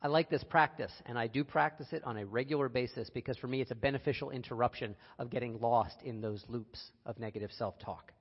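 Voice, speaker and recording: A man's voice: mid-range voice, fairly quick, few pauses, husky. A man giving a conversational sermon, earnest and personal, with wry asides. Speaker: speaker giving a reflective talk. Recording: dull recording with long hall reverb.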